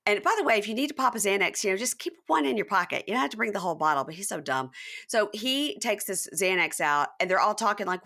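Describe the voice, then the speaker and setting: A woman hosting a podcast, recapping a reality show in casual chat and acting out quotes with big jumps in her voice. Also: fast talker. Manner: animated, acts out quotes with big pitch jumps. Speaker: podcast host.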